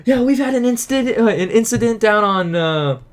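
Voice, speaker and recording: A man doing a stammering churchgoer, pitched up. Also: lively intonation, fairly quick. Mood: hesitant. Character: man at a church warning of an incident.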